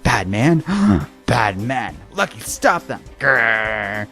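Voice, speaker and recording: A man voicing an excitable, simple-minded male pet dog that talks in broken one- and two-word bursts. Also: mid-range voice, very slow, soft background music, exaggerated voice. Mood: alarmed. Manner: broken baby-talk in short bursts of one or two words. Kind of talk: comedic voiced bit in a comic recap.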